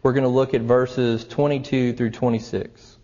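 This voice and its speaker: A man's voice: mid-range voice, little pitch movement, normal speed, mellow, big-room sound, lo-fi sound. A man preaching a sermon, reading scripture aloud and explaining it with rising earnestness. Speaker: pastor.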